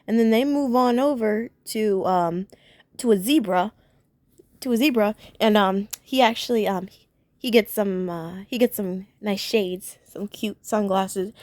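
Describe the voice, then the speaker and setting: A woman talking through a cartoon episode in a loose, rambling review. She has a fairly high voice and often restarts her sentences as she gushes. The sound is dry and close, with no room behind it. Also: darkish tone, no echo. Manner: gushing, acts out characters' lines in voices. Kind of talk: casual video review.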